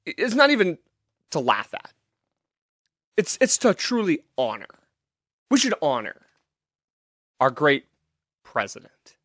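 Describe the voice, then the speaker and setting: A man's voice: a little high, fairly bright tone, no room sound, clean studio sound. A man hosting a podcast, delivering a profane, sarcastic comedic rant in a casual monologue. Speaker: podcast host.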